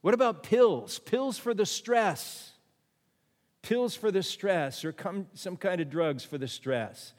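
A man's voice: high-pitched, expressive, slow, long reverb tail. A man preaching a sermon as pastor, who repeats refrains and asks his listeners questions.

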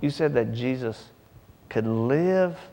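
A man's voice: medium pitch, slow, gravelly, in a large hall. A man preaching a sermon, telling a story in a folksy way and acting out the voices of the people in it. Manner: animated, acts out voices in his stories; folksy, drawling informal speech.

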